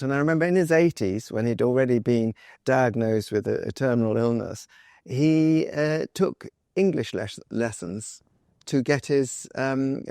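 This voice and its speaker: A man's voice: mid-range voice, gravelly, a little mellow, no echo, studio quality. A man as an interview guest, answering in a thoughtful, wry way and telling stories about his family.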